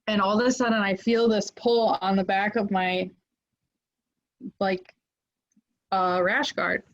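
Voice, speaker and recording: A young woman recounts a story as a podcast guest, animated and full of "like" fillers. Her voice sits at a middle pitch for a woman. The sound is a bit muffled and lo-fi. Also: takes it slowly. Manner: animated, many "like" fillers, acts out quoted voices. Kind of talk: casual storytelling. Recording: muffled lo-fi audio.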